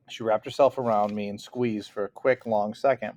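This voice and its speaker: A man's voice: lowish voice, steady tone, moderate pace, few pauses, darkish tone. A man reading a novel aloud in an unpolished way, with frequent restarts and small slips. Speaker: audiobook reader.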